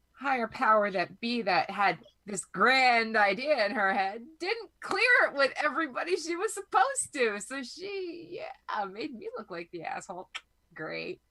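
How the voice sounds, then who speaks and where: A woman in her thirties, hoarse from a cold, chatting as a podcast co-host and telling rambling, profane stories. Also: a little high, pushed and bright. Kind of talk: casual chat.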